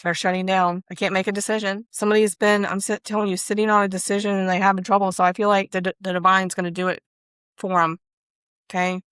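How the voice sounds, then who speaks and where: A woman talks through a tarot card reading in a loose, chatty way, pulling cards and reacting to them out loud. Her voice sits in an ordinary middle pitch. The sound is dry and close, with no room echo. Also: fast, smooth. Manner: chatty, Southern-tinged "y'all", breaks into laughs and excited exclamations. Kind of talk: casual spiritual card reading.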